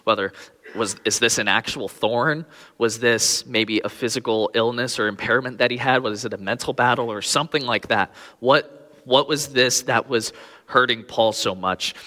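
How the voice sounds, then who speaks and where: A man's voice: lowish voice, pushed and bright, in a large hall. A young man preaching a sermon in an earnest way, his voice rising when he pleads.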